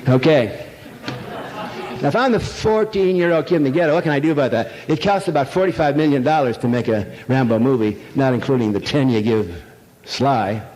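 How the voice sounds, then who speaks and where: A man's voice: mid-range voice, a little fast, darkish tone. Older man joking in an echoey hall. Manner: irreverent, rambling, jokey storytelling with many fillers. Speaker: lecturer. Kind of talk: public lecture to a live audience. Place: large lecture hall. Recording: echoey hall, faint noise.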